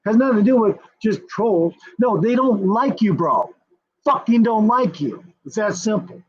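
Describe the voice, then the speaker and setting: A high-pitched, husky male voice ranting in a combative, foul-mouthed streamer commentary. He repeats his points again and again. The recording sounds dull and lo-fi. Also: expressive, moderate pace. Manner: profane, combative, repetitive.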